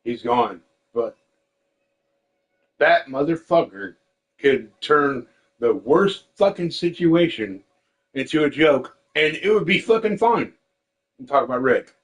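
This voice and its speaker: A man's voice: mid-range voice, lively intonation, unhurried, long pauses, low-quality recording. A man telling stories in casual chat, swearing often and quoting family. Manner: emotional storytelling, swears, quotes others; eating while talking. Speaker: podcast host.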